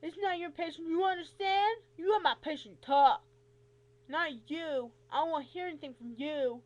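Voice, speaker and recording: Girl doing a pushy impatient doctor guy, loud and snappy. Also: very high-pitched, normal speed, pitched above the performer's own voice. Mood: scolding. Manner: loud, scolding, clipped. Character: brusque, impatient male doctor.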